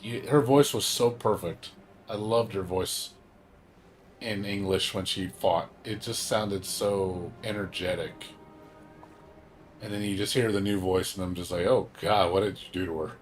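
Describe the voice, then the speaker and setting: A man's voice: fairly low pitch, fairly even intonation, a little slow, faint music behind. A young man chatting casually on a game livestream, rambling with lots of fillers, emphatic and swearing now and then. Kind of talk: casual gaming stream chat.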